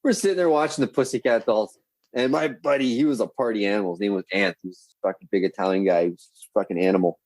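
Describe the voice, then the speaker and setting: A man's voice: on the low side, fast talker, no room sound, poor audio. A man, a podcast guest telling rambling, profane stories in casual chat. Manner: profane, rambling, animated storyteller.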